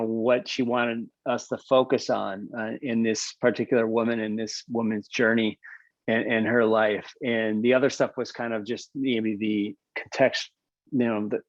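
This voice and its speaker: A man's voice: mid-range voice, dry recording. A man hosting a book club on a video call rambles through his thoughts, full of fillers and small jokes at his own expense. His voice sits in the middle of the male range. The sound is dry and a little dull, as from a laptop mic. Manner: rambling, self-deprecating, lots of fillers. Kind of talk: casual video call discussion.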